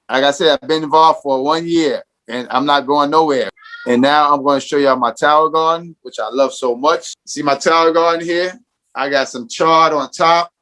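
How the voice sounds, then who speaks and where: A man's voice: fairly high pitch, fairly bright tone. A man giving an enthusiastic, folksy testimonial on a video call. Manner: enthusiastic, folksy, repeats himself. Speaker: garden tour guest.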